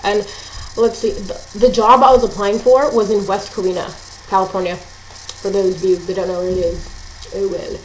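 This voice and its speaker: A woman's voice: medium pitch, fairly even intonation, normal speed. A teenage girl telling a ranting story at home, chatty and exasperated, with lots of "like" and "um". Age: teens. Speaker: vlogger. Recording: roomy echo, faint hiss.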